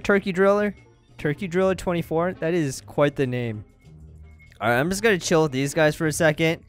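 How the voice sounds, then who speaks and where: Young man, gaming commentary, panicky yelps, higher voice, swings wildly up and down, faint music underneath. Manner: excitable, panicky shouts and yelps. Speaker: gaming YouTuber. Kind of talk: let's-play commentary.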